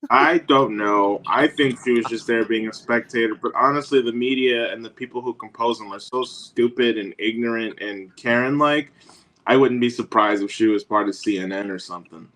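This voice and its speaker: A man's voice: mid-range voice, moderate pace, a bit bright, rough recording. A man guesting on a talk show, telling his story bluntly and casually, with some swearing. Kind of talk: casual remote interview.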